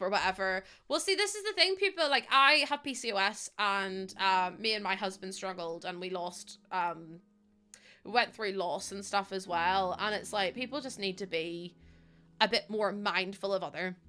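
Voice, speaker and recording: A woman's voice: mid-range voice, lively intonation, moderate pace, bright, forceful tone, soft background music. A young adult woman, chatting heatedly to her live chat while she builds in a game. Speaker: live streamer.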